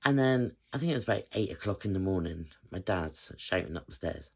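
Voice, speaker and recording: An English vlogger in her fifties, with a notably low, husky, creaky and slightly mellow voice, shares a personal story in a casual, chatty, expressive way. She rambles and often pauses on filler words.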